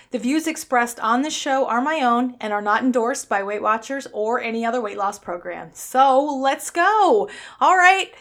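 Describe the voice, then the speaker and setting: A woman's voice: fairly high pitch, fairly bright tone. Chatty New York woman podcaster. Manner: chatty, upbeat, blunt and self-mocking. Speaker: podcast host. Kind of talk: solo weight-loss podcast chat.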